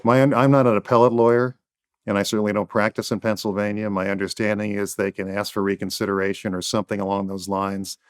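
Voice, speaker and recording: A man's voice: fairly low pitch, little pitch movement, quick pace, clean tone. A man speaking as a guest defense attorney in an interview, making firm points in emphatic, repeated phrases. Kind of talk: interview answers.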